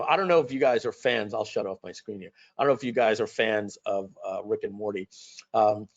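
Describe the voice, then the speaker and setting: A man on a video call giving a casual, animated business talk and acting out quotes as he goes. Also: medium pitch. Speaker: guest expert. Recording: dull lo-fi call audio.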